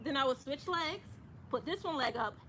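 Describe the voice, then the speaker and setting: A young woman talks casually to her live-stream viewers between exercises. Her voice sits high and sounds bright. She giggles often and repeats phrases, recorded on a phone camera. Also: expressive, moderate pace, slight background noise. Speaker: livestreamer reading chat comments.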